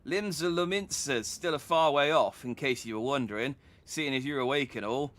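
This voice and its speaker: A man's voice: medium pitch, moderate pace, a bit bright, close to an everyday voice. A man voicing a chatty, folksy middle-aged merchant in a put-on rustic English accent, reading game dialogue aloud. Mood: friendly. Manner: homely, drawling with dropped letters.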